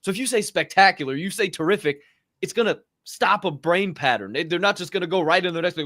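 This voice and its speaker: A man co-hosts a casual podcast, telling stories in an animated, emphatic way and swearing freely. His voice sits a bit high, and the recording is dry and close. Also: fast, no echo. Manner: animated, profane, emphatic storyteller. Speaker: podcast co-host.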